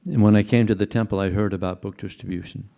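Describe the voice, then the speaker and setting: This older man speaks fast in a lowish, mellow voice with a steady tone and vocal fry. Giving a devotional talk at a temple, he shares anecdotes with the congregation conversationally, chuckling along the way.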